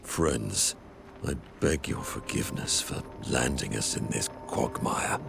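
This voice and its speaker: Brief: man voicing a deep, gravelly creature sidekick, slow and sorry for itself, over loud game music. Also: heavily acted. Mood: solemn. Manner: slow, formal and apologetic.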